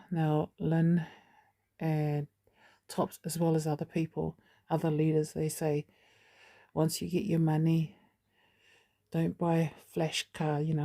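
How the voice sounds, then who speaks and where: A woman's voice: low-pitched, mellow. A woman hosting her own channel, giving a casual, rambling vlog update with frequent asides. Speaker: channel host.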